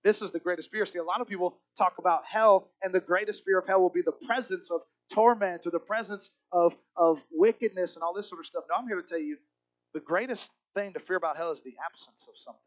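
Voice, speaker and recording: A man preaching a sermon in an earnest way, often dropping to a hush for emphasis. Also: sits high, fast, lo-fi sound.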